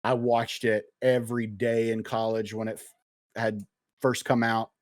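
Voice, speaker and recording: A man's voice: mid-range voice, level tone, normal speed, dry recording, clean studio sound. A young man co-hosting a podcast in casual chat, hesitant and full of ums and uhs. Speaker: podcast co-host.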